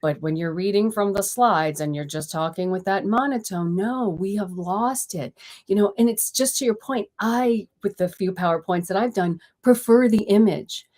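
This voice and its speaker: A woman co-hosts a casual podcast in a mid-range voice at a moderate pace. She is expressive and emphatic, with lots of inflection, and talks with her hands.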